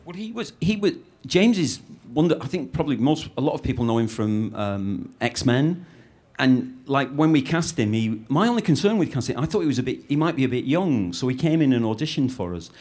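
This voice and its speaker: A middle-aged man from Britain, a film director answering interview questions in a rambling, lively way with many restarts. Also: mid-range voice, brisk.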